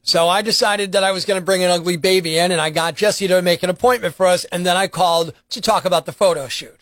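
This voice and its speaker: A man's voice: high-pitched, steady tone, fast, a bit bright, slight background noise. A man hosting a morning radio show, telling a story in a brash, punchy, boastful way. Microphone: studio microphone.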